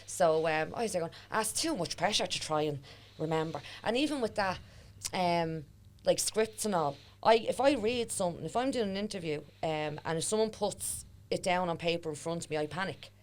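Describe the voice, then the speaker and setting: A woman's voice: lowish voice, animated, brisk. A woman with a Dublin accent, a historian and author, chatting as a podcast guest and retelling stories with quoted voices. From Ireland. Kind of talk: casual podcast conversation.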